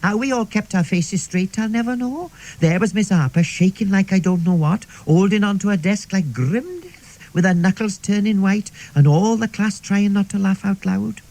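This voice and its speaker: A chatty middle-aged Welsh woman, voiced by a man, tells her stories in a radio comedy monologue. Her voice sits high, with a gravelly fry at the edges. She rambles in a confiding way and peppers her talk with "like" and "see". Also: moderate pace, hardly any pauses, darkish tone, low-quality recording.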